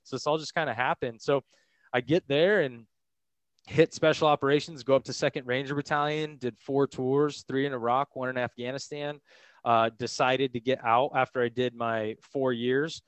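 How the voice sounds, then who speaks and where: A man's voice: mid-range voice, steady tone, moderate pace, clean tone, no echo. A man from the United States, a podcast guest, frankly and casually telling his own story in conversation. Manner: casual, frank, loose with fillers.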